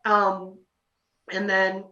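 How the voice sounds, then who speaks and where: A young man telling a story as a podcast guest, excited and rambling, full of fillers. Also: sits high, drawn-out words. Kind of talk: casual storytelling. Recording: roomy, distant, dull lo-fi podcast audio.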